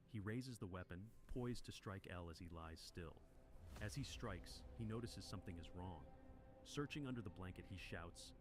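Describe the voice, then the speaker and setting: A man with a very deep voice narrating a story recap in a steady, dramatic scripted way. A faint hiss sits under the narration. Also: moderate pace.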